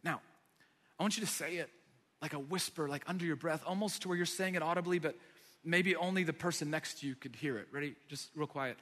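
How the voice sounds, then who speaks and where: A man preaching a sermon as pastor, emphatic and energetic, building to loud declarations. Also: fairly high pitch, brisk, in a large hall. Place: church sanctuary.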